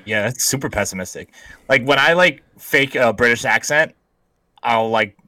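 Bright-voiced man in joking podcast banter. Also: medium pitch, moderate pace, no echo, low-quality recording. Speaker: podcast co-host. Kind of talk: casual chat.

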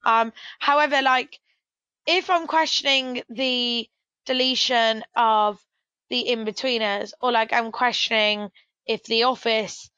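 A woman's voice: fairly high pitch, steady tone, slow pace, pushed and bright, clean tone, no echo, muffled recording. A British woman hosting a podcast, chatty and hedging with lots of "like". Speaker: podcast host. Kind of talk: casual chat.

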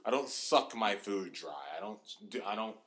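A man co-hosting a casual podcast chat, talking with animated, exaggerated disgust and drawn-out groans. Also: on the low side. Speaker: podcast co-host.

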